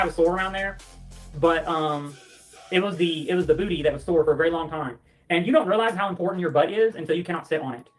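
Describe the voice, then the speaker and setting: A woman talks on a casual livestream, winded and catching her breath between sentences. Her delivery is blunt and profane as she answers viewers' questions. Faint music plays in the background. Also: on the low side.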